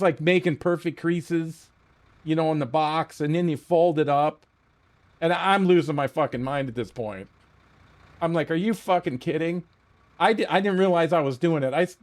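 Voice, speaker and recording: A man streaming a game, telling a story in a profane, animated way and often laughing at it. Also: on the high side. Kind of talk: casual storytelling while playing.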